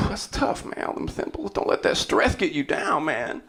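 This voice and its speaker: A man's voice: a little high, sing-song, a little slow, creaky, a bit bright, full character voice. A man doing a boastful, washed-up middle-aged football coach who calls everyone "man" and "baby", in a stand-up set. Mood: hushed. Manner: self-aggrandizing, drawls "man" and "baby". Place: comedy club stage. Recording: noisy live club recording.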